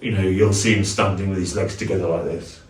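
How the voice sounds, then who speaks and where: A man talks through his costume in a relaxed, chatty way, stopping and restarting as he goes. He sounds a bit far from the mic, and the room echoes around him. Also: low voice, a little hiss or hum. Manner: chatty, halting, with fillers and restarts. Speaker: cosplayer, video host. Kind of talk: casual costume walkthrough.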